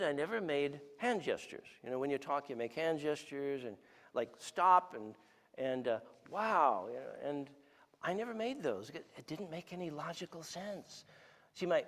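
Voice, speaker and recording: A man's voice: fairly high pitch, a bit bright, long reverb tail. A man in his sixties giving a conversational sermon as a guest speaker, telling stories and asking the audience questions. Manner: storytelling, asks the audience questions. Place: church hall.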